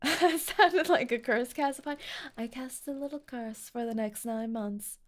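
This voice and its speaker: A woman's voice: on the high side, a little slow. A woman streaming a game, chatting in a giggly, playful, teasing way. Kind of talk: game livestream commentary.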